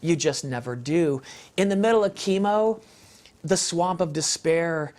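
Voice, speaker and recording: A man with a slightly high, darkish voice speaks a little slowly while giving a heartfelt, fervent faith testimony. As a guest speaker on a parenting show, he talks emphatically and casually, repeats phrases for stress, and uses fillers and restarts.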